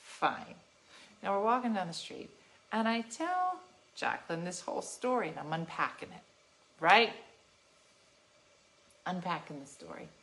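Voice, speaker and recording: Middle aged lady telling a story to her chat, sassy and laughing, bright voice. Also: fairly low pitch, unhurried, gravelly, long pauses. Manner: animated, laughing, sassy asides. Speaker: livestream host. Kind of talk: casual storytelling to viewers.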